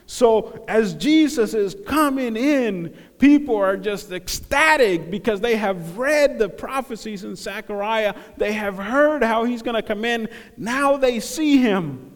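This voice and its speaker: A man preaching a sermon, animated, acting out the crowd's voices and dropping to hushed tones. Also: high-pitched, slow, in a large hall. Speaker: pastor.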